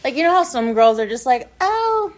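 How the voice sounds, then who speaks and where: A woman's voice: fairly high pitch, expressive, fast. A young adult woman talking straight to her viewers in a confessional vlog, rambling with lots of fillers. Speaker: vlogger. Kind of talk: confessional casual monologue.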